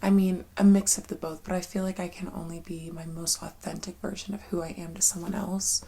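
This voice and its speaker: A woman's voice: fairly low pitch, little pitch movement, brisk, vocal fry, warm tone. A young woman rambling to herself in a casual solo vlog, candid and loose, full of "like" fillers, swearing freely and sometimes dropping to a near-whisper. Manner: rambling and candid, swearing often, with frequent "like" fillers and sudden laughs; drops to a near-whisper when reflective. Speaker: vlogger.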